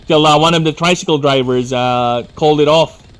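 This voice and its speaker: A man's voice: fairly high pitch, fairly even intonation, moderate pace. A young Filipino man with a Filipino accent, chatting casually and profanely while streaming a video game, often drifting into rants. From Philippines. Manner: rambling, profane, goes off on rants. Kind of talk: live gaming stream chat.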